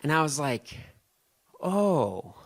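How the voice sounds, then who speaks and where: A man tells a personal story to a live audience on stage. He keeps it chatty and self-mocking, often laughing at his own tale, in a voice of middling pitch. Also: moderate pace, a bit bright. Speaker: storyteller and event host.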